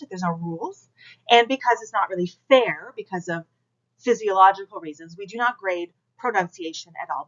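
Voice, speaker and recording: Here a woman instructor with a mid-range voice coaches students through exercises in a recorded lecture, talking straight to them. Direct in manner, she demonstrates projection aloud, picked up by a camera mic in lo-fi quality.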